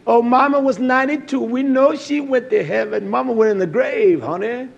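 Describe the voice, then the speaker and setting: A man preaching a sermon, emphatic, swinging between low asides and loud raised emphasis. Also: normal speed, gravelly, hardly any pauses, highs cut off.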